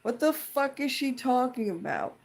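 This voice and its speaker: A woman's voice: sits high, expressive, normal speed, vocal fry. Profane, rambling woman ranting. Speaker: tenant venting about a dispute. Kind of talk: casual ranting vlog.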